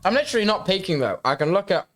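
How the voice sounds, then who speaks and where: A man's voice: high voice, very animated, racing, fairly bright tone, faint music behind. A young man chatting casually as a podcast co-host, teasing his friend in playful banter. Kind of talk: casual chat.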